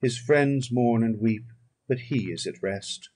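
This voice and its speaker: A man reads a grieving young man with a husky, slightly breathy voice. He speaks earnestly and consolingly to a friend in an audiobook. His delivery stays mid-pitched and plain. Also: slow, a little mellow. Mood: sorrowful.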